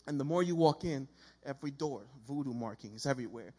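Husky-voiced man preaching a story. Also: medium pitch, brisk. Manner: conversational, animated, acts out quoted dialogue. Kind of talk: storytelling sermon.

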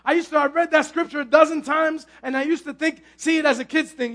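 A male pastor preaching a sermon with fervor, often repeating and stumbling over his words and breaking into shouts. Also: extremely high pitch, steady tone, quick pace, few pauses.

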